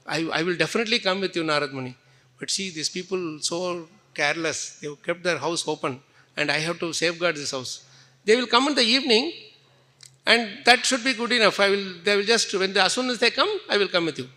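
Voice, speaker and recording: A loyal, stubborn guardian dog, put on by a man telling a story in a class. The voice sits high and bright and sounds earnest and slightly indignant. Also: brisk.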